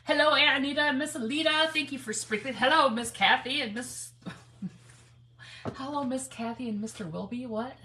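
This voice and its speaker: A woman's voice: high voice, moderate pace, bright, forceful tone, a little hiss or hum. A woman, hosting a live craft stream, chatty and laughing, greeting viewers by name. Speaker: craft livestream host.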